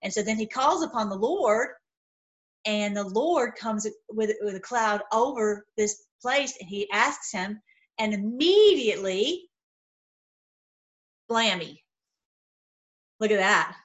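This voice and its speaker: Animated woman retelling a story. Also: fairly high pitch. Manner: animated, emphatic retelling with frequent restarts. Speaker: online video host. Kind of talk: casual storytelling talk.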